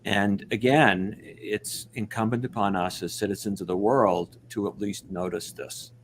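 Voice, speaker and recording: A man's voice: lowish voice, fairly even intonation, measured pace, a little hiss or hum. A man speaking earnestly and reflectively as a guest on a panel discussion, often restarting his sentences.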